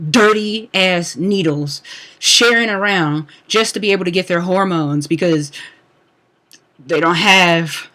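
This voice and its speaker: A man's voice: sits high, sharp tone. Young man, angry rant, constant swearing, lots of "you know" fillers. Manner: profane, heated, frequent fillers. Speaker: speaker on a livestream talk.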